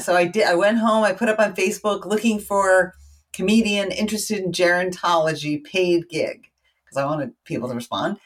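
A middle-aged woman from New York, a comedian guest in an interview, telling a story in a lively, self-deprecating way with quick asides. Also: fairly low pitch. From New York, United States.

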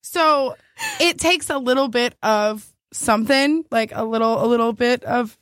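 A woman's voice: fairly high pitch, a little slow, a bit bright, dry recording, studio quality. A woman in casual chat with a friend, teasing and playful, breaking into laughs. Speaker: friend in conversation.

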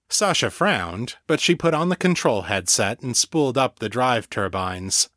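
Steady male audiobook narrator, dry sound. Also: mid-range voice, a little slow, no room sound. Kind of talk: scripted narration.

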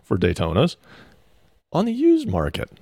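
A man's voice: medium pitch, wildly swooping pitch, measured pace, vocal fry, dark tone, husky, no room sound, studio quality. A man co-hosting a money show, running through news items in a matter-of-fact way. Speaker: co-host. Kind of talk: casual radio show chat.

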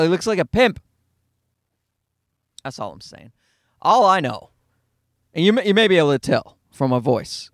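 A man's voice: fairly high pitch, sing-song, normal speed, pauses often, no echo. A comedian in his thirties hosting his own podcast from a home studio, ranting casually with profanity and acted-out voices.

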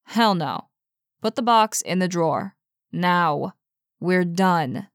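A woman's voice: lowish voice, animated, slow pace, no room sound, clean studio sound. A woman voicing a blunt, panicky young man who swears and wants to leave. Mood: firm. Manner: blunt and agitated.

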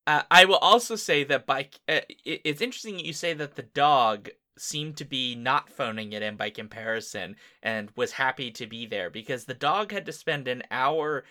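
A man's voice: moderate pace, few pauses. A man co-hosting a podcast, chatting casually and enthusiastically about a movie. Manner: enthusiastic, jumps up in pitch when excited. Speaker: podcast co-host. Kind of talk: casual movie-review chat.

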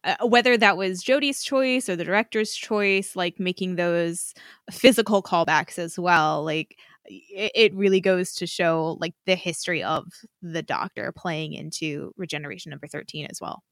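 A woman's voice: on the low side, normal speed, a bit bright, no echo, studio quality. A woman co-hosting a podcast, chatting casually and enthusiastically and laughing easily. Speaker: podcast co-host. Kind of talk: casual fan chat.

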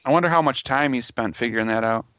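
A man appearing as a podcast guest, chiming in with quick, chatty remarks. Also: mid-range voice, a bit bright, dry recording, muffled recording. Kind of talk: casual podcast chat.

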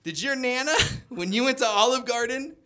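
A man in his thirties doing stand-up, telling self-deprecating stories with animated delivery. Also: very high voice, normal speed. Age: 30s. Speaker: stand-up comedian. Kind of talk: stand-up comedy set.

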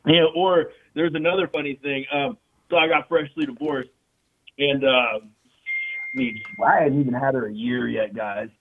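A man's voice: medium pitch, steady tone, moderate pace. A young man telling rambling, profane stories in a casual chat. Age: young adult. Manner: rambling, profane, loose and joking. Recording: tinny phone-like sound.

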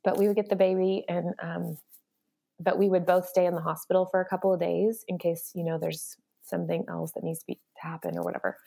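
A woman's voice: fairly low pitch, level tone, a little fast, vocal fry, mellow, breathy edge. A woman speaking earnestly and candidly as a guest, with many fillers and restarts. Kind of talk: personal storytelling in conversation.

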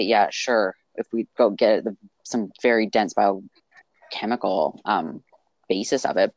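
A woman from Canada, a sport scientist, talks in a lively way with many "like"s and restarts. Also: extremely low pitch, muffled recording. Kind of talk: conversational interview.

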